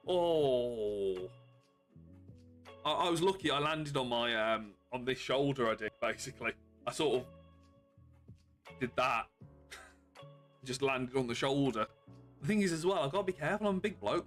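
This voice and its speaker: A man streaming games, chatting casually and more quietly than usual because of bruised ribs, chuckling often. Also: fairly high pitch. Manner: subdued, calmer than usual, with frequent chuckles. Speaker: game streamer. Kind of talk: casual live-stream chat.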